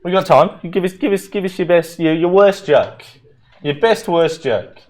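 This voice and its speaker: A man hosting a casual live Q&A, bantering in a relaxed way and reading out viewer questions. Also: sits high, normal speed, a little hiss or hum. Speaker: host.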